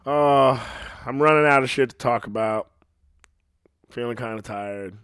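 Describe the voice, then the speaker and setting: Guy rambling on his podcast, cussing a lot, dry close mic, loud then mumbly. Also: mid-range voice, unhurried, clear, resonant tone, dry recording. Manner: rambling, profane, swings between loud outbursts and muttering. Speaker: podcast host. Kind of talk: casual podcast chat. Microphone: podcast microphone.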